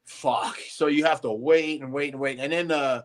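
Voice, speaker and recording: Podcast host man, middle-aged, a bit higher-pitched, punchy and emphatic. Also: fairly even intonation, normal speed. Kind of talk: casual chat.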